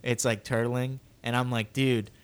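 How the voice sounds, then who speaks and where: A man's voice: medium pitch, fairly quick. A young man co-hosting a casual podcast chat, rambling through stories and acting out wails. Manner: rambling storyteller, acts out childish wails. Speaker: podcast co-host.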